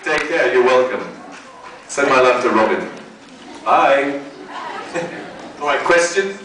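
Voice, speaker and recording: A man's voice: medium pitch, lively intonation, slow pace, slight background noise. A man joking with a fan on a convention panel, teasing and theatrical, calling people darling. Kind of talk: playful live panel banter. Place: large convention hall. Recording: echoey hall, mic far off, loud crowd.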